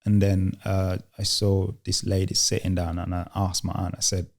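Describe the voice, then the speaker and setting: A young man from Uganda, a guest in an interview, telling his story in a halting way with many restarts and quoted lines. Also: low voice, flat delivery, creaky. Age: young adult.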